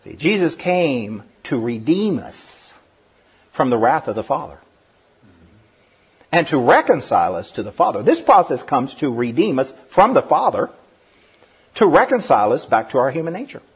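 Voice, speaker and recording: A middle-aged man preaching a sermon, lively and given to laughing asides and acting out voices. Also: mid-range voice, moderate pace, slightly rough. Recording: dull lo-fi recording.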